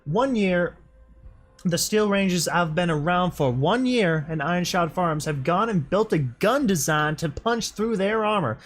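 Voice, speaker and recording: A man's voice: high-pitched, expressive, a little slow. A man reading aloud, voicing a proud, hot-tempered country pony mare with folksy country talk. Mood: outraged. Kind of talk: fan fiction read aloud.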